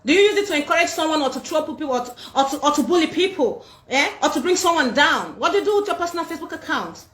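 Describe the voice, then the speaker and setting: Woman doing a snooty fake-American posh lady, mocking, high and quick, echoey room. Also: expressive, bright, forceful tone. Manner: mocking, drawling "like, seriously".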